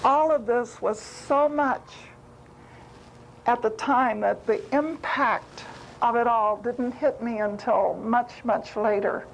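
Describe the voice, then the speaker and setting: A woman's voice: on the high side, takes it slowly, vocal fry, a little hiss or hum, poor audio. A woman telling a personal story at a spiritual retreat, heartfelt and repeating words for emphasis. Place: retreat gathering.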